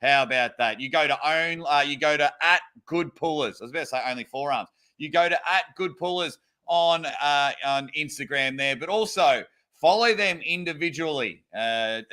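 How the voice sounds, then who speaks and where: A man's voice: fairly high pitch, pushed and bright. A man hosting a podcast, chatting casually and enthusiastically with his guests. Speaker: podcast host.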